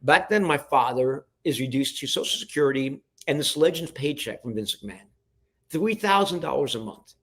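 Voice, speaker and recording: A middle-aged man telling backstage stories in a casual interview, animated and acting out what others said, swearing when heated. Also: medium pitch, moderate pace, husky. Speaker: podcast guest.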